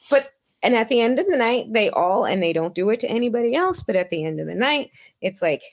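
Brisk and expressive in a slightly high voice, this woman guest rambles casually on a podcast, cursing freely and laughing a lot. The recording sounds muffled.

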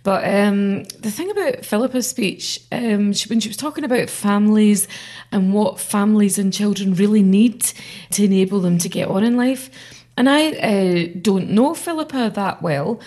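A woman's voice: mid-range voice, normal speed, mellow. Woman, middle-aged, earnest, rambling, interview guest. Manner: earnest, rambling, with frequent fillers and restarts. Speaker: member of parliament. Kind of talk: conversational interview.

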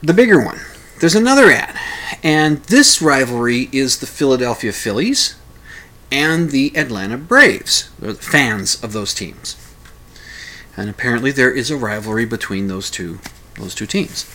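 A man's voice: mid-range voice, sing-song, measured pace, sharp tone. A man talking casually at home, telling a story in a rambling, hesitant way with many restarts. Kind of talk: casual spoken commentary.

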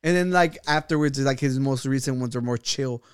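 In a clean, dry, studio-quality recording, a podcast co-host talks briskly in a medium-pitched voice during a casual chat. He's blunt and heated, swears often, and keeps restarting sentences with lots of filler words.

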